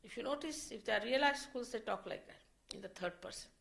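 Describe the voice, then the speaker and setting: A woman speaking as a spiritual teacher, giving an unscripted lecture in a slow, measured way and often repeating her phrases. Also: on the high side, animated, gravelly, fairly bright tone, rough recording.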